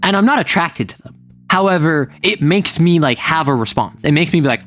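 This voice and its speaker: A man chatting casually on a livestream, rambling and stammering through restarts, animated and quick to laugh. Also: on the high side, faint music behind. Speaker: streamer.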